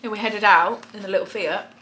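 Chatty woman, echoey flat. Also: a little fast, slight background noise. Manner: animated storytelling, acts out voices in high excited tones. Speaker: podcast co-host. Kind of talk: casual chat while eating. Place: flat living room.

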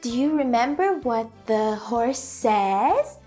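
Woman teacher for a toddler lesson. High, bouncy voice, extremely slow and drawn out, with faint music behind. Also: expressive. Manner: exaggerated, cheerful questioning, drawn-out words. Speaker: children's teacher. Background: faint background music.

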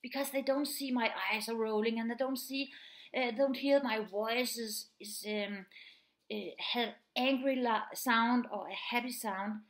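A woman's voice: on the high side, fairly even intonation, unhurried. Woman teacher, earnest and explaining. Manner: earnest, explaining plainly, often acts out quoted speech. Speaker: teacher of pupils with autism. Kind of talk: spoken presentation.

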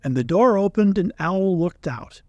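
A man narrating a children's storybook in a calm, measured way. His voice sits slightly high. It is recorded close and dry, with no room sound. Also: no room sound, dull audio. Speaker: audiobook reader.

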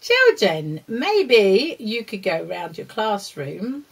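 Her mid-range voice swings hugely in pitch, slow and creaky with a breathy edge, as she teaches children alongside a puppet dog. She talks warmly to the puppet and the viewers, laughing and scolding by turns, and the recording is low quality.

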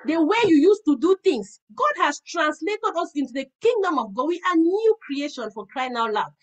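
A woman preaching to a women's fellowship, telling earnest personal stories in an animated way and often repeating words. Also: sits high, moderate pace, poor audio.

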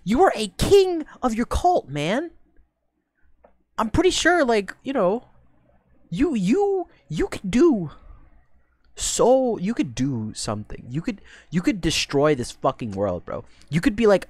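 A young woman streamer giving profane, mocking reaction commentary, with loud bursts of laughter and sudden shouting. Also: medium pitch, big pitch swings, measured pace, no room sound.

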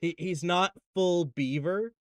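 A man running an online tabletop session as game master, narrating loosely with plenty of "like" and "uh" and breaking into laughter. His voice sits a touch high for a man, close on a dry desk mic with no room echo. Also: takes it slowly. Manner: loose and giggly, filler-heavy narration.

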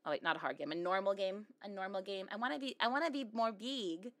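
A woman's voice: mid-range voice, fast, a bit bright, no echo. A woman streaming a game, chatting playfully with her chat, laughing often and greeting viewers with pirate-style ahoys. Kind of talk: casual live-stream chat while gaming.

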